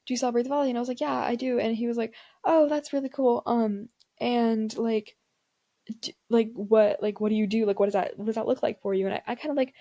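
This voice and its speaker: A woman's voice: a little high, steady tone, quick pace, mellow. A teenage girl hosting her own podcast, chatting casually and dramatically, with lots of filler words. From Indian family background. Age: teens. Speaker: podcast host. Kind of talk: casual solo podcast chat.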